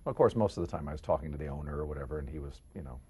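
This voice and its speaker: A middle-aged voice-over actor from the Kansas City area with a deep voice, telling stories in a casual interview and jumping into quoted voices. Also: male voice, racing, slightly rough. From Kansas City area, United States. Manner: animated, jumps into quoted voices.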